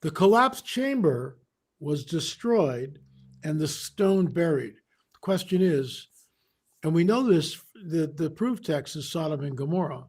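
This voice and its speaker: Higher-pitched man telling a story. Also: measured pace, slightly rough. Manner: animated, re-enacts dialogue, frequent restarts. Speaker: guest. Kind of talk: casual interview storytelling.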